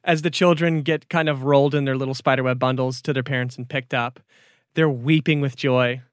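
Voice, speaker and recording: A man narrating a tabletop game as game master, in a lively, theatrical way. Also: mid-range voice, fairly quick, clean tone, no echo, clean studio sound.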